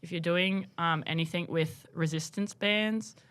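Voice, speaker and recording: A woman chats as a podcast guest, laid-back and casual. Her voice is notably low for a woman. She often pauses with ums as she talks. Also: a bit bright, clear, resonant tone. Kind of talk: casual chat.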